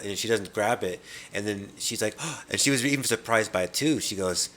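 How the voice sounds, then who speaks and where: Bright-voiced man chatting about movies. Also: on the low side, slight background noise. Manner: rambling, acts out movie lines in quick put-on voices. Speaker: podcast host. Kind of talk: casual movie discussion.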